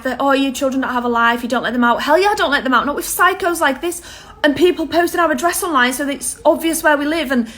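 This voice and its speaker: A woman talks straight to camera in a personal vlog clip. She sounds earnest and close to tears, pleading and apologising as she goes. Her voice sits a little high.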